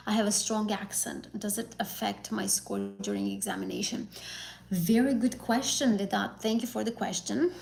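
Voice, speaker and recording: A woman's voice: medium pitch, vocal fry, roomy sound, poor audio. A woman teaching an exam prep lesson on a live stream, talking casually and encouragingly with fillers and self-corrections. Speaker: IELTS teacher.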